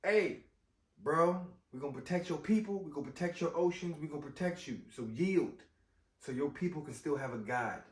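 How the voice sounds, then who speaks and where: A man voicing a victorious young heroine who speaks in a calm, quiet and firm way. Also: on the high side, normal speed, natural voice. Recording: roomy echo, distant mic.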